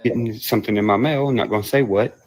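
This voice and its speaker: A man's voice: lowish voice, fast, darkish tone. A man telling a rambling story on a livestream, swearing and laughing between phrases. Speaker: musician on a livestream. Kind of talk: rambling live-stream storytelling.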